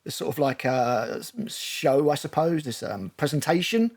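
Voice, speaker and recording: A man's voice: medium pitch, lively intonation, normal speed, a little mellow. A man with a British accent hosting a casual film discussion, recapping scenes at length with many ums and restarts. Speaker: film review host.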